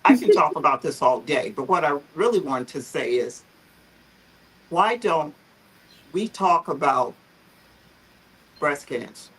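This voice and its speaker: A heartfelt woman speaks earnestly about her journey, her voice husky and a little breathy. She talks on a livestream video call, often close to tears. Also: deep voice, very animated, a little slow, pauses often, low-quality recording. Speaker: founder of a photo therapy group, guest. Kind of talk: livestream conversation, personal story.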